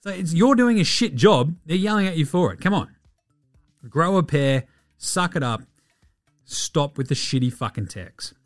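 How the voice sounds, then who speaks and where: A man's voice: on the high side, expressive, normal speed, soft background music. A man with an Australian accent hosting a basketball podcast, talking casually with blunt, profane rants. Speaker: podcast host. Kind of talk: casual sports talk.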